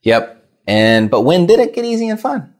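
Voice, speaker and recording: A man's voice: sits high, very animated, normal speed. A man co-hosting a casual business podcast, talking in a rambling, conversational way and often correcting himself. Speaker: podcast co-host.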